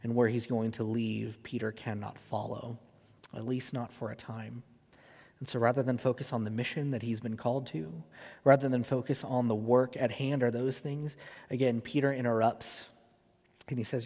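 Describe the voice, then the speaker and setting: A man in his thirties preaches a sermon in an earnest, conversational way, often pausing on fillers. His voice has a gravelly edge at a middle pitch. The sound carries the long reverb of a large hall. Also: fairly even intonation, a little mellow. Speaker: pastor.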